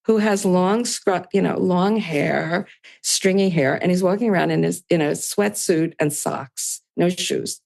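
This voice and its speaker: A woman's voice: fairly low pitch, unhurried, creaky, darkish tone. An older woman, a podcast guest, telling a story in casual conversation and voicing both sides of past dialogue with small laughs.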